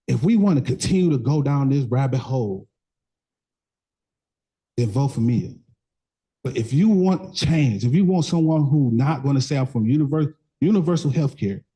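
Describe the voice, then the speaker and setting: A man's voice: mid-range voice, mellow, husky, rough recording. A young man speaking as a candidate at a community political meeting, passionate and emphatic, with repeated phrases and frequent fillers. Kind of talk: impassioned campaign speech, then answering questions.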